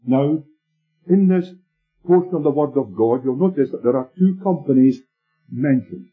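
A man preaching a sermon, telling stories in a measured, emphatic way. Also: medium pitch, animated, husky. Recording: tinny lo-fi sermon tape with faint music.

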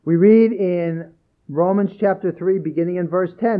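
Earnest high-voiced preacher, lo-fi sound. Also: male voice, normal speed. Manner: earnest, emphatic, repeats key phrases. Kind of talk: sermon.

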